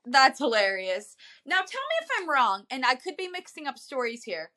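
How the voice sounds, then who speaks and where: A woman co-host with a high voice keeps the chat moving. She answers fast with short interjections and prompts for the next story, and her tone is bright and tense. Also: sing-song. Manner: eager listener, quick reactive interjections. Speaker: podcast co-host. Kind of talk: casual chat.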